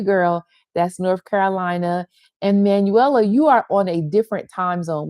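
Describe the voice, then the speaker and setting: A woman's voice: on the low side, warm tone, no room sound. A middle-aged woman leads a casual online women's gathering from her sun porch. She talks to viewers over a video call, greeting each by name with affectionate enthusiasm. The sound is dry, with little room around her voice. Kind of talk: casual welcome and chat with viewers.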